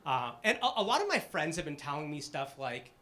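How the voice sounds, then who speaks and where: A young man from the Boston area doing a stand-up set on a live stage, with a halting, filler-heavy delivery and dry, self-deprecating punchlines. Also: a little high, big pitch swings, bright, forceful tone. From Boston area, Massachusetts. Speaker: stand-up comedian. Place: live comedy stage with an audience.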